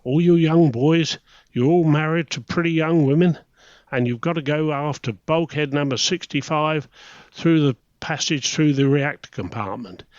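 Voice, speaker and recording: A man's voice: fairly high pitch, moderate pace, no echo, lo-fi sound, pitched above the performer's own voice, lightly acted. An old man doing a Welsh naval instructor. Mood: lecturing. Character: Welsh male naval physics instructor, bawdy and blunt.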